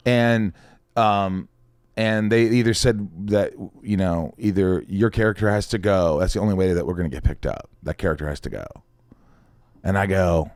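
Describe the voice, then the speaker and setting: A man's voice: sits low, moderate pace, clean tone, dry recording, clean studio sound. A man on a podcast, telling a story in a casual chat and acting out the other people's lines. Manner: animated storyteller, acts out quoted voices, swears casually. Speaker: podcast guest, actor.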